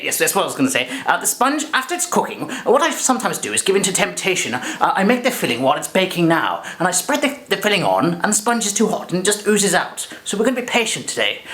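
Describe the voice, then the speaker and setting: Male cooking host, lively sing-song delivery, goofy rambling asides. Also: sits high. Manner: jokey, rambling, self-correcting asides. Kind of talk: comic in-character cooking demo.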